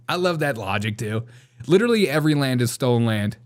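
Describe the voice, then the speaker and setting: A man's voice: medium pitch, very animated, a little fast. Sarcastic man reacting with laughter. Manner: mocking, laughs often. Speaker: comedy news show host. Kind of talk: sarcastic commentary on a video.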